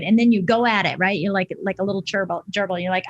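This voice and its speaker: A woman's voice: medium pitch, very fast, hardly any pauses, muffled recording. A woman guest on a podcast, a coach explaining her ideas and acting out scenarios with quoted self-talk. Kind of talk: casual interview chat.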